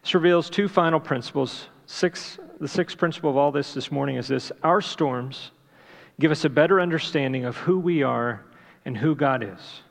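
A male pastor preaching with a slightly raised pitch and a gravelly edge to his voice. He speaks emphatically, asking the congregation rhetorical questions and repeating his main points. His voice rings out in the long reverb of a large church hall. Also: normal speed. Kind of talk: sermon.

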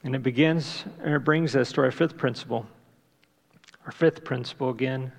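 A man's voice: medium pitch, moderate pace, vocal fry. A man preaching a sermon, emphatic, asking rhetorical questions and repeating his key points. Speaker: pastor. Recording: long reverb of a large hall.

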